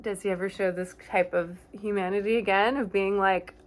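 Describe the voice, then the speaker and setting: A woman's voice: mid-range voice, steady tone, normal speed. A woman casually recapping a horror movie from memory, rambling and correcting herself with chatty asides.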